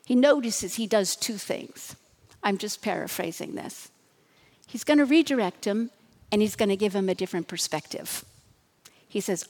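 A woman pastor giving a dramatic sermon, dropping to hushed tones and rising to emphatic bursts. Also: mid-range voice, lively intonation, moderate pace, long reverb tail.

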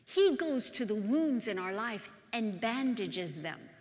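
Middle-aged woman preacher, heartfelt testimony, a touch high-pitched, long church reverb. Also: slow pace. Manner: emotional storytelling, swinging from hushed to loud and excited. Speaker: pastor's wife and preacher. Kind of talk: personal testimony sermon.

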